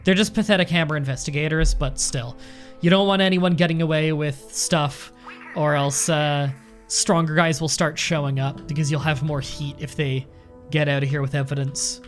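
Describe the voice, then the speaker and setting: Let's play host: a man with a slightly high voice, chatty and rambling, thinking out loud during casual commentary. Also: fairly even intonation, moderate pace, soft background music.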